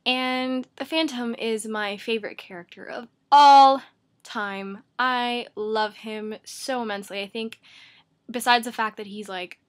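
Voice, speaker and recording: A woman's voice: a little high, fairly even intonation, a little slow. A woman book vlogger talking casually to camera from her bedroom, rambling and chatty, with lots of "like" and "um".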